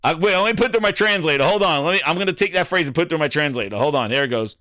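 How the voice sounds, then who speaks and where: A man's voice: fairly high pitch, animated, very fast, pushed and bright, no room sound, studio quality. A man hosting a gaming livestream, reading viewer comments in casual, profane, hype-driven banter. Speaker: gaming channel host.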